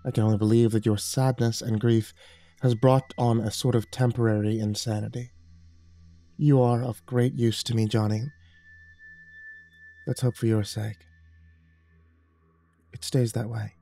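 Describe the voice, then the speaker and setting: A man voicing a calm, impassive male angel who speaks in a measured, quiet, controlled way in a horror story reading. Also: mid-range voice, natural voice. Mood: coldly warning.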